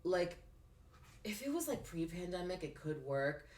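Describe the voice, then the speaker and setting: Young drag performer, low voice, chatty storyteller, recorded in an echoey room off-mic. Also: female voice, a little slow. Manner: chatty storyteller, lots of "like", animated impressions. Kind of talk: casual chat.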